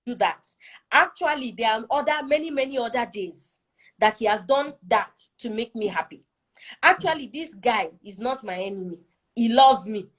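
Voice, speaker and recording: A woman's voice: fairly high pitch, animated, moderate pace. A woman telling a personal story as a guest in a casual conversation, earnest and reflective, often checking that the listener follows. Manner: keeps checking in with "do you see?".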